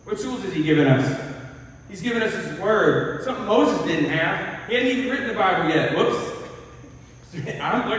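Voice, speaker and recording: A man, a college pastor, giving an earnest, animated, conversational sermon with lively storytelling. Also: sits high, normal speed. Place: church hall. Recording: echoey hall, mic far off.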